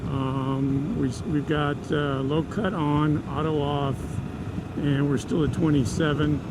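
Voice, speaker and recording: A man's voice: fairly high pitch, fairly even intonation, slow. A man vlogging from a motorcycle, rambling with many fillers and restarts and a sarcastic edge, recorded on a lavalier mic inside his helmet. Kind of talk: rambling casual vlog. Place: riding a motorcycle outdoors. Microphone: stereo lavalier inside a helmet. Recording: wind and engine noise.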